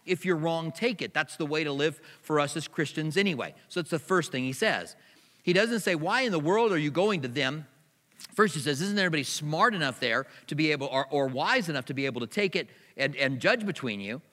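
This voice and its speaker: A middle-aged man preaches to his church in a bright, slightly high voice. He talks in a conversational way and weaves personal stories into the sermon. A long reverb from the hall trails each phrase. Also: lively intonation, brisk. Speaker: pastor.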